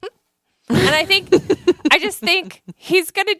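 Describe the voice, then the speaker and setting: A woman co-hosting a podcast from Iowa, telling a story in a lively casual way, acting out what people said and laughing often. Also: extremely high pitch, unhurried, no echo, clean studio sound. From Iowa, USA. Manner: animated storyteller, acts out quotes, laughs often. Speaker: podcast co-host.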